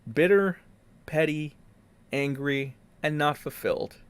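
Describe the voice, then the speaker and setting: A man's voice: on the high side, slow, clear, resonant tone. A young man ranting sarcastically as a casual online commentator, swearing freely. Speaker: YouTube commentator.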